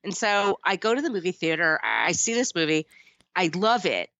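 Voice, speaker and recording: A woman co-hosting a podcast in casual chat, relaxed and telling stories while suffering from hay fever. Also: on the low side, normal speed, muffled recording, a little hiss or hum. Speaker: podcast co-host.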